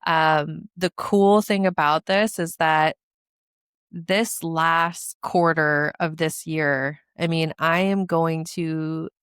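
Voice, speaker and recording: A woman in her thirties hosts her own show, talking with earnest feeling and doubling her words for emphasis. Her voice sits a little low and sounds smooth and clear. The sound is dry and close, with no room around it. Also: steady tone, slow, a bit bright, no room sound. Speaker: podcast host and coach. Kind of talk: heartfelt promotional monologue.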